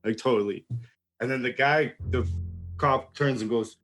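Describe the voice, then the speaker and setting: A man's voice: medium pitch, moderate pace, pauses often, fairly bright tone, faint music behind. A young man telling a wild story in casual chat, swearing, laughing and acting out what people said. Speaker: podcast host telling a story.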